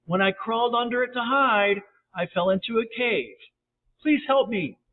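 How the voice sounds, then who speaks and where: Frightened little storybook girl, put on by a man, high and pleading, tinny line. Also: expressive, moderate pace, long reverb tail. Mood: scared. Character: scared little girl stuck in a cave. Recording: tinny phone-like audio, faint hiss.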